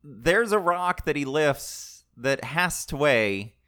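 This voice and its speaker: A man's voice: on the high side, expressive, slow pace, bright, forceful tone. A man co-hosting a podcast, adding wry, sarcastic asides during casual movie chat. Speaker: podcast co-host.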